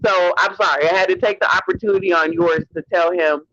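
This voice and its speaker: A man's voice: high voice, fairly even intonation, quick pace, few pauses, pushed and bright, a little hiss or hum. A man hosting a livestream, delivering a heated rant in a sassy, profane way and calling people honey. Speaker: livestream host. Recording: dull lo-fi stream audio.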